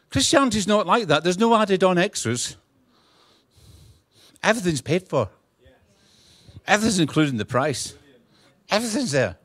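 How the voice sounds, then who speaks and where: Middle-aged Scottish man as a guest preacher: humorous storyteller, slightly high voice, dry close mic. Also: no echo. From Scotland. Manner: humorous, animated, acts out dialogue. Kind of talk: sermon with storytelling.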